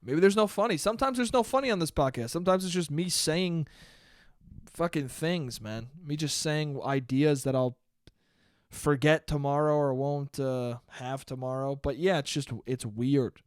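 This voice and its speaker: A man's voice: on the high side, moderate pace, no room sound, clean studio sound. A young man hosting his own solo podcast, ranting with lots of swearing and mocking quotes. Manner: ranty, profane, mocking put-on poet voices. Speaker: podcast host. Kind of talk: solo comedic rant.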